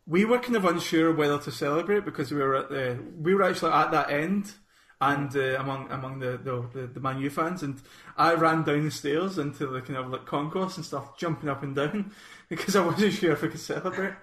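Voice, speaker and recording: A man from Scotland co-hosting a casual podcast chat, talking in halting bursts with many restarts. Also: on the high side, fairly bright tone. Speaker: podcast co-host. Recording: roomy echo.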